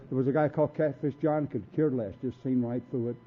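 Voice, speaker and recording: Fast, with few pauses and fairly even intonation, a medium-pitched man relates his personal story at a recovery meeting, bluntly and with street flavor, playing out what people said. Sound quality is tinny, like a phone call.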